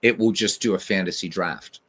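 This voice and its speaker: A man hosts a podcast in loose, casual conversation. He rambles and wanders off on tangents. His voice sits fairly low for a man. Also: normal speed, pushed and bright, slightly rough. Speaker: podcast host. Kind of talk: casual chat.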